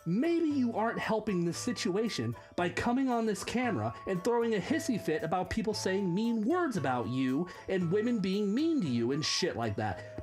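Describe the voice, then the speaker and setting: A man's voice: high voice, sing-song, moderate pace, soft background music. A man hosting reaction commentary, sarcastic and mocking. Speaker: commentary host.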